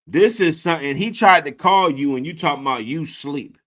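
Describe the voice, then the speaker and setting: Crude, animated man doing commentary. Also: on the high side, a little fast. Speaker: host. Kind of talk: reaction commentary.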